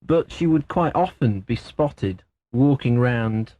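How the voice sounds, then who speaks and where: A man's voice: medium pitch, expressive, takes it slowly, mellow, poor audio. An English man hosting a late-night radio phone-in, chatty and joking with his guest. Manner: jokey, chatty. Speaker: radio host.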